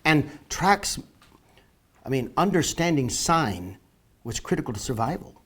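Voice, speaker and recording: A man giving an online marketing lesson, his voice sitting somewhat high for a man. He talks emphatically, stretching his key words out slowly to drive each point home. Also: sing-song, fairly bright tone, breathy edge. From northern Canada. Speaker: marketing educator. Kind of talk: lecture to online viewers. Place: Florida, near the beach.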